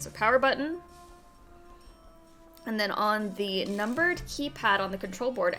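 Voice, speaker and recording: A woman talks through a video game in a casual, chatty way, reading out steps and giggling along. Her pitch is in a middle range. Faint game music plays in the background. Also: fairly bright tone. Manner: chatty, giggly, reads instructions aloud. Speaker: video game let's-play host. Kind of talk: casual gameplay commentary.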